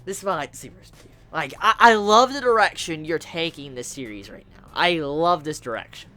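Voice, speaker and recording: A woman reviewing an animated series episode, gushing with excitement and swearing freely as she talks. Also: low voice, brisk, faint music behind. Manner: gushing, profane, emphatic.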